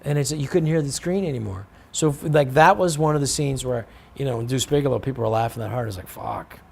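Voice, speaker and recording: A man's voice: medium pitch, fast talker, vocal fry, a little mellow, a little hiss or hum. A man from San Francisco, a show guest, telling rambling anecdotes, acting out other people's voices and swearing freely. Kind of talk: animated storytelling.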